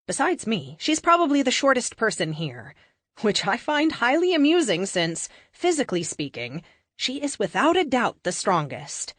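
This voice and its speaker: A woman reads a first-person audiobook with expressive storytelling and a lively, moving pitch. The sound is close and dry, recorded in a booth. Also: moderate pace, dry recording. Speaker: audiobook narrator.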